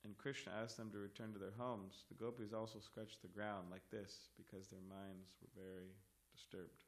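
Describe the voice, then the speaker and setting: Speaking in a fairly low voice with little pitch movement, a man leading a scripture class in a temple hall reads verses and commentary aloud, measured and word by word.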